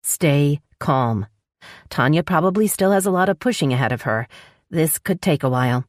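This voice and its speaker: Woman voicing a calm instructive healer. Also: low voice, normal speed, no room sound, studio quality. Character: calm female healer guiding a birth by phone.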